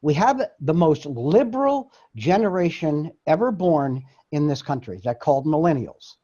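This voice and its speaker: A man's voice: on the high side, lively intonation, normal speed, dark tone, lo-fi sound. A man hosting a talk show, speaking emphatically and making his points with conviction. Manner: emphatic, preachy. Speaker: host. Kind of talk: casual talk show chat.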